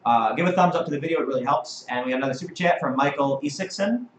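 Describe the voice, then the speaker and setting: A man's voice: mid-range voice, racing, reverberant, a little hiss or hum, rough recording. A male host on a live-stream debate who talks in an emphatic, profane way and reads out viewer comments.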